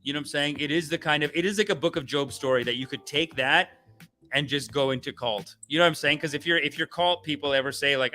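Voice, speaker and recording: A man's voice: a little high, fast, faint music behind. A man hosting a comedy talk stream, ranting casually, swearing, and slipping into voices. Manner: animated, swears, acts out voices. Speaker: comedian host.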